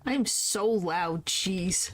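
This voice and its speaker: A young woman streams a game and chats casually with her viewers, reacting with rambling exclamations. Her voice sits at a medium pitch, and she draws her words out.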